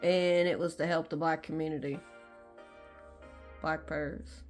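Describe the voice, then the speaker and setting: A woman's voice: sits low, fairly even intonation, unhurried, faint music behind. A woman with a Southern American accent, rambling candidly in a casual personal vlog from her room. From Southern United States. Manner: rambling and candid, many fillers. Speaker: vlogger. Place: small bedroom at home.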